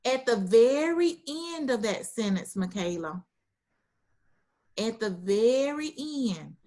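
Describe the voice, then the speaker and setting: A woman teaches a class over a video call, reading example sentences aloud slowly and praising each answer. Her voice sits a little high and rises and falls a lot. She talks at an unhurried, deliberate pace. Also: lively intonation, warm tone. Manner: encouraging, praises often.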